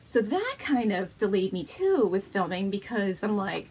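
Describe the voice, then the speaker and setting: A woman's voice: mid-range voice, sing-song, a little slow, hardly any pauses, darkish tone, slight background noise. A woman hosting a knitting podcast, chatting casually at home to the camera, bubbly and gushing, laughing often.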